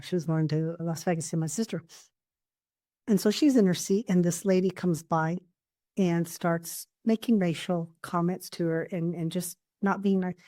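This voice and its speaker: A woman's voice: lowish voice, no echo. A woman coach and therapist telling heartfelt stories in an earnest, conversational way on a podcast. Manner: earnest storytelling, warm anecdotes. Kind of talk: casual podcast chat.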